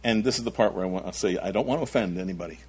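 A man's voice: sits low, rapid-fire, darkish tone, breathy edge. A male pastor preaching a sermon in an emphatic way, often repeating himself and adding asides.

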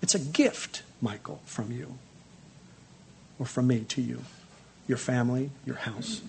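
A man voicing God as a quiet, solemn, gently rebuking presence. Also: medium pitch, lively intonation, vocal fry, slight background noise, voice pushed down. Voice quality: quiet, hushed. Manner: slow, solemn and tender.

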